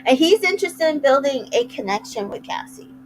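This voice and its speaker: A woman's voice: high voice, very animated, fairly quick, a little hiss or hum, rough recording. A woman casually recapping a reality show, chatty and retelling scenes with little quoted asides. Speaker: recap host.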